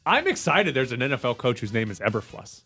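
A man's voice: medium pitch, soft background music. Joking male sports radio host. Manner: quick, joking, animated. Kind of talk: casual sports talk.

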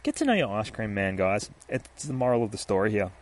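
A man's voice: on the low side, sing-song, fairly quick. A man in his thirties hosts a podcast, rambling and swearing casually while reviewing a comic book. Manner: rambling and sweary, with many fillers. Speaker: podcast host.

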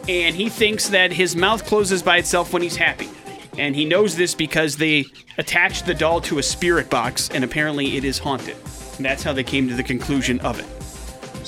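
Man, radio co-host, high voice, playful banter, studio mic, faint music behind. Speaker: radio morning show co-host. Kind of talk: casual radio chat and news headlines. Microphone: studio microphone.

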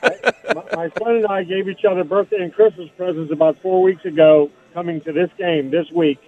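Male radio caller from Louisiana, high voice, rambling and excited, tinny phone line. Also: brisk. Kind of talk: phone-in call.

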